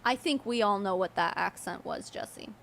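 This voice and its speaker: A woman's voice: medium pitch, normal speed, creaky, fairly bright tone, a little hiss or hum. A young woman giving sarcastic, incredulous commentary while reacting to a livestream, mocking and often laughing.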